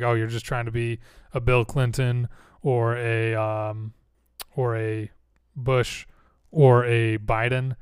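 A man chatting casually and thinking aloud, rambling and cutting himself off mid-sentence. His mouth is dry and his nose a bit congested, though his mid-pitched voice stays smooth and clear. The sound is dry and close, with no room around it. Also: no room sound. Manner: rambling, self-interrupting, musing aloud. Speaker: streamer planning role-play characters. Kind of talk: casual chat.

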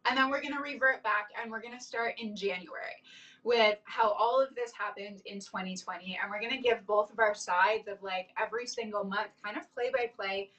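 A woman's voice: medium pitch, brisk, a bit bright, recorded from a distance, dull audio. A woman in her thirties hosting a casual chat, telling stories in an effusive, emotional way. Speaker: host.

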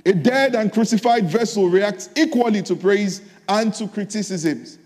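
A man's voice: high-pitched, moderate pace, a little mellow, long reverb tail. A man preaching a sermon, telling a story and exhorting his listeners with repeated phrases.

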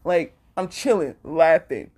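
Young woman, low voice, solo podcast host; frank, profane, meandering. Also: animated, slow pace, a little mellow, breathy edge. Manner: candid, profane and rambling. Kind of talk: casual solo podcast monologue.

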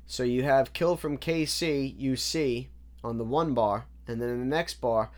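A man's voice: mid-range voice, measured pace. A man casually breaking down rap lyrics line by line, analytical and repetitive, often restarting his sentences. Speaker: music reviewer.

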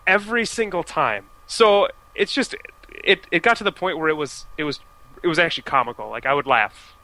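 This American co-host discusses video games casually, chatting with lots of fillers and false starts. He speaks a little fast and animatedly in a slightly high, pushed, bright voice, and the audio is poor.

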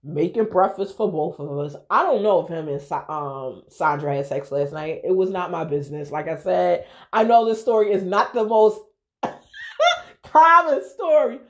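A young woman telling a personal story on her podcast in a candid, profane, lively way. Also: mid-range voice. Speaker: podcast host. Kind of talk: casual storytelling to listeners.

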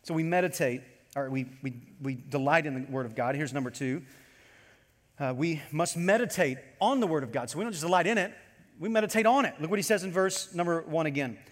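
A man preaching a sermon to his congregation as pastor, animated and storytelling as he goes. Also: a little high, fairly quick, in a large hall.

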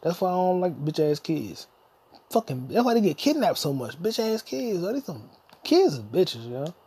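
A man's voice: sits high, very animated, normal speed, warm tone, breathy edge. A man hosting a solo podcast, ranting in a crude, rambling, jokey way with bits of singing. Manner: profane, rambling, jokey, sings snatches. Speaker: podcast host.

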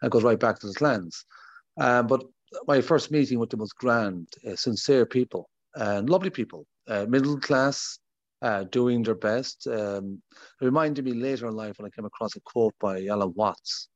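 Podcast host, rambling, lo-fi. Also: male voice, mid-range voice, normal speed, no echo. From Ireland. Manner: rambling, loose phrasing. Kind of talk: casual podcast interview. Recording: dull, lo-fi, dry sound.

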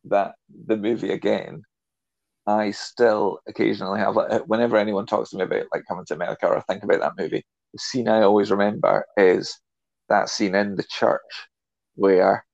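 A man co-hosting a film podcast, speaking in a low, gravelly voice. He chats in a relaxed, keen way. The recording is dry and dull, with a lo-fi sound. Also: brisk, dry recording. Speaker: podcast co-host. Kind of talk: casual film discussion.

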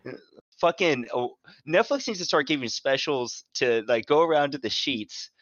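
A man's voice: medium pitch, lively intonation, normal speed, a bit bright, no room sound, dull audio. Rambling, profane casual podcast guy. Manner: rambling, profane, lots of fillers and restarts. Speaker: podcast co-host. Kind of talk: casual chat, storytelling.

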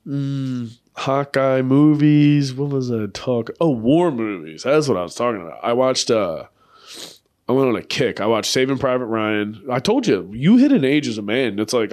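Profane, animated man rambling on a podcast. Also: mid-range voice. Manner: rambling, profane, laughs often. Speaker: podcast host. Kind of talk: crude comedic podcast banter.

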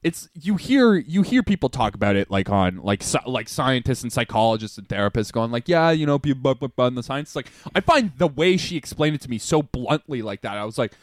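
A young man from Canada co-hosting a casual podcast, telling stories in an animated way and acting out what people said. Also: mid-range voice, fairly quick, few pauses, no room sound, clean studio sound. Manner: animated storytelling, acts out quotes, laughs often. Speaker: podcast co-host. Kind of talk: casual chat.

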